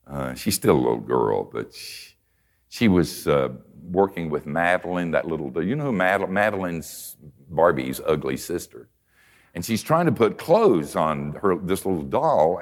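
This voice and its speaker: An older man delivers a conversational sermon full of folksy stories, moving between soft asides and emphatic points. His voice is a low, gravelly rumble.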